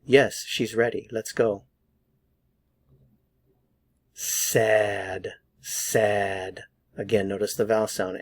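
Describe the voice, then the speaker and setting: A man with an American accent teaching a pronunciation lesson, repeating each word slowly and deliberately for learners to copy. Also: lowish voice, steady tone, no room sound. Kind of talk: slow drilled pronunciation lesson.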